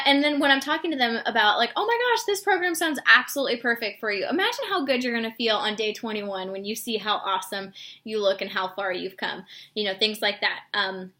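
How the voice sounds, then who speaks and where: Woman fitness coach, chatty and informal, crisp bright tone, acts out quick upbeat sample messages. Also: mid-range voice. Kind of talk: casual instructional talk.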